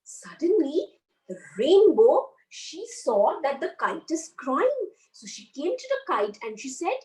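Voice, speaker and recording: A woman teacher with an Indian accent telling a story to young children, animated and always asking them questions. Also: sits high, slow. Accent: Indian English. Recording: roomy, far from mic.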